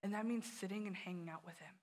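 A woman's voice: mid-range voice, fast talker, darkish tone. A woman youth director giving an earnest sermon, telling personal stories and speaking straight to the listeners.

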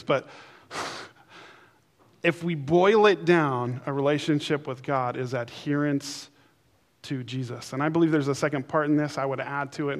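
Male pastor, sermon, slightly high voice, story-driven, drops soft and slow for emphasis. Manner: storytelling with playful put-on voices, then slowing and softening for emphasis.

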